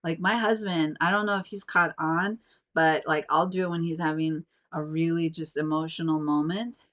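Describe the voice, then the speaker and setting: Rambling young woman host, stuffy nose, slightly low voice, dull lo-fi recording. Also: fairly even intonation, normal speed, fairly bright tone. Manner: rambling, chatty, many fillers and restarts. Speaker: podcast host. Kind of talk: casual solo podcast. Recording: dull lo-fi sound.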